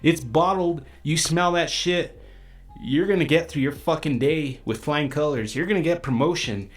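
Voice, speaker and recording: A man's voice: on the high side, moderate pace. A young man hosting his own podcast, talking in a brash, profane, boastful monologue. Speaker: podcast host. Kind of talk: crude comedic monologue.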